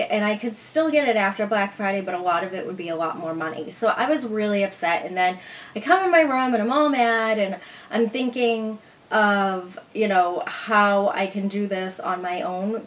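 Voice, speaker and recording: A woman's voice: mid-range voice, low-quality recording. A young woman vlogger casually telling a long personal story, acting out what people said. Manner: chatty, animated retelling with acted-out quotes. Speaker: beauty vlogger.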